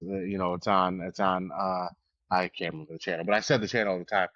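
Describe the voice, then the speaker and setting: A low-voiced man speaks fast and flatly, with a slightly bright tone, on a dry, somewhat dull, lo-fi recording with no room sound. Co-hosting a casual podcast, he rambles through anecdotes, laughing often and cursing now and then.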